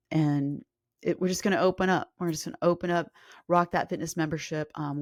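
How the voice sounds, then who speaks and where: An excited woman fitness coach talks on her podcast in a slightly low voice, gushing and emotional, circling back with restarts. The sound is dry and close, with no room echo. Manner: enthusiastic, emotional, rambling with restarts. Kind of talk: casual podcast monologue.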